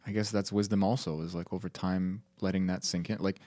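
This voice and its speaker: Man, very deep voice, casual podcast chat, swears, self-mocking, dry close sound. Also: level tone, brisk, mellow, no echo. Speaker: podcast co-host.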